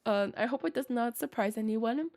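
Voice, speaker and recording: With a fairly high but darkish voice at a moderate pace, a young streamer shoots the breeze with viewers. She sounds scratchy and tired, meanders with many filler words, and keeps laughing.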